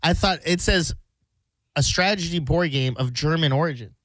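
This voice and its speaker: A man in casual radio banter, animated and laughing, reading facts aloud from online lookups. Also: on the high side, moderate pace, no room sound.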